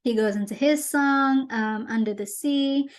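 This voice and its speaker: A woman hosts her own commentary show, speaking in a slightly high voice. She is chatty and animated as she retells a movie in a casual, conversational way. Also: a little slow. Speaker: host.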